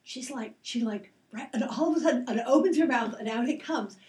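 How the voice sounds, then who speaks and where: A woman's voice: fairly high pitch, animated, brisk, darkish tone. A woman telling a casual anecdote among friends, chatty, with lots of "like" and self-corrections. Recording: roomy sound from a distance.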